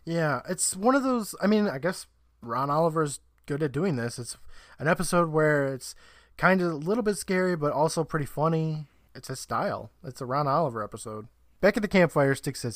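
A man's voice: a little high, animated, brisk, no echo, clean studio sound. A man co-hosting a podcast, recapping an episode in casual chat and laughing often. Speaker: podcast co-host.

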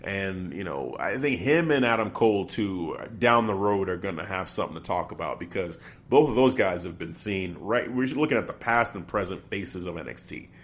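Man, lowish voice, co-host, casual chat, thinks out loud, restarts a lot. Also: animated, normal speed, few pauses. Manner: thinks aloud, breaks off and restarts sentences.

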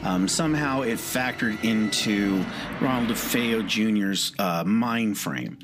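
A man's voice: on the low side, takes it slowly, music in the background. A man hosting a podcast, narrating casually with frequent hesitant fillers. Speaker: podcast host.

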